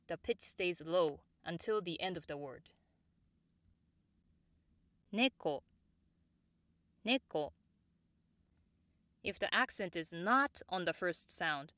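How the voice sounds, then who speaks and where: Woman, pronunciation teacher, slightly low-pitched, unhurried and exact, dry close mic. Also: bright, forceful tone, dry recording. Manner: measured and precise, models example words slowly and repeats them. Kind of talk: slow, clear instructional explanation.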